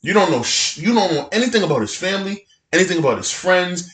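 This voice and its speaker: A man's voice: high voice, expressive, fast, a bit bright, reverberant. A man in his thirties co-hosting a podcast in casual chat, blunt and laid-back, swearing freely. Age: 30s. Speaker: podcast co-host.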